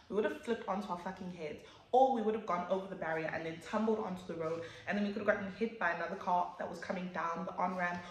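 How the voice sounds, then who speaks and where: A young woman recounts a story in a loose, chatty vlog voice. She curses freely and acts out her own reactions, and her pitch sits mid-range. The room gives her voice a noticeable echo. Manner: chatty and animated, swearing freely, acting out her own lines. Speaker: vlogger. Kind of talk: casual storytime.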